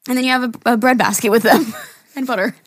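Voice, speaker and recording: A woman's voice: fairly high pitch, steady tone, quick pace, no echo. A young woman co-hosting a podcast in casual chat, talking freely with lots of fillers and laughs. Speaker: podcast co-host.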